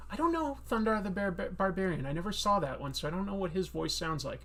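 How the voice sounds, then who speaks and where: A man's voice: high-pitched, lively intonation, fast talker, fairly bright tone. Man, casual, rambling, self-deprecating, stream host. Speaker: comic artist streamer.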